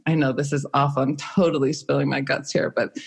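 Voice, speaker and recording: A woman's voice: rumbling low, flat delivery, a little fast, vocal fry, husky. A middle-aged woman telling a frank personal story in casual conversation, self-mocking and acting out what people said. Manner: frank, self-mocking, with frequent laughs and acted-out quotes.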